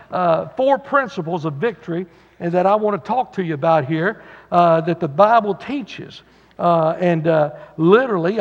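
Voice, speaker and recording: A man preaching a folksy sermon, paraphrasing scripture with frequent restarts. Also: high-pitched. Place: church sanctuary. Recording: muffled recording in a reverberant church.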